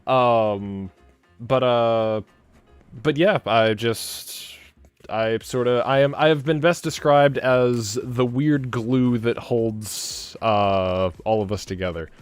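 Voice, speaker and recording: A man's voice: medium pitch, takes it slowly, clear, resonant tone, dry recording. Male streamer, mid-range voice, loose and giggly, faint background music. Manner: giggly, rambling with many fillers. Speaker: community manager. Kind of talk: casual stream chat.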